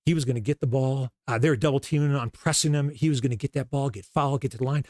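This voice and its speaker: A man's voice: mid-range voice, quick pace, dry recording, clean studio sound. A middle-aged man, a basketball coach as guest, telling stories and acting out quoted dialogue. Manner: animated storyteller, acts out quoted dialogue. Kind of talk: storytelling interview talk.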